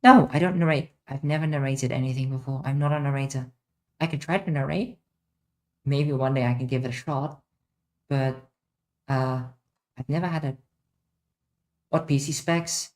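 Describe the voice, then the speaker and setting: Streamer, casual livestream Q&A, chatty and off the cuff, mid-pitched voice. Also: normal speed, pauses often, a little mellow. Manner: chatty, answers chat questions off the cuff.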